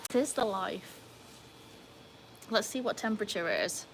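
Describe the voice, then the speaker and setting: A woman's voice: medium pitch, moderate pace, a little hiss or hum, low-quality recording. A woman, chatting casually on a live stream, laughing often and greeting viewers by name. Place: outdoors by a pool with dogs. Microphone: handheld phone.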